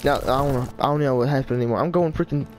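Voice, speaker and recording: Frustrated gamer. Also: male voice, mid-range voice, rapid-fire, a little mellow. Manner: frustrated, rambling, whiny. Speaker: gaming YouTuber. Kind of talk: live gameplay commentary.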